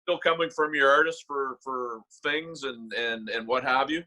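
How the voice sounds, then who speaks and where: A man's voice: mid-range voice, normal speed, bright, forceful tone, low-quality recording. A man co-hosting a podcast, chatting casually and enthusiastically with his guest. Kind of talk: casual chat.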